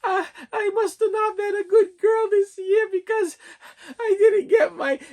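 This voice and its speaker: A man voicing his young daughter, sobbing and wailing in a high voice. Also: steady tone, a little slow, darkish tone. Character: young girl sobbing over a lost doll.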